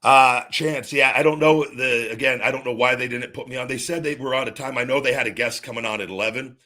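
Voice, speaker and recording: A man with an average-pitched voice talks off the cuff in a loose, rambling rant. He swears freely, repeats himself and acts out whole conversations as quoted back-and-forth. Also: steady tone, fast talker, sharp tone. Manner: retells conversations in quoted dialogue. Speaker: show host. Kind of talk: casual ranting monologue.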